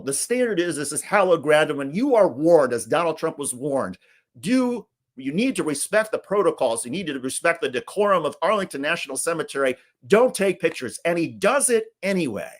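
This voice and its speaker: A man's voice: medium pitch, animated, a little fast. A man hosting political commentary, speaking in an indignant, emphatic way. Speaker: host.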